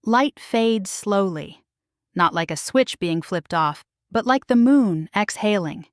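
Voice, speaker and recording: A woman's voice: medium pitch, no echo, studio quality. A woman narrating a first-person romance audiobook in a dramatic, intimate storytelling manner.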